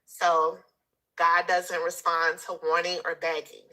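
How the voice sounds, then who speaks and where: A woman in a group chat telling a personal story in an animated way, laughing often. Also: on the low side, slow, rough recording. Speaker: group participant. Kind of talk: casual chat.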